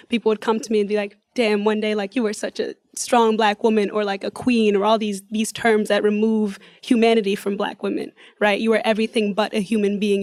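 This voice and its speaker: A woman's voice: mid-range voice, darkish tone, dry recording, studio quality. A woman from Africa, a poet and youth worker, sharing personal testimony at a community gathering in an earnest, reflective way.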